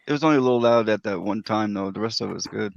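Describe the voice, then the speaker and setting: A man with a gravelly voice hosting a live stream, laid-back, thanking viewers by name. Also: on the low side, racing, muffled recording. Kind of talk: casual chat.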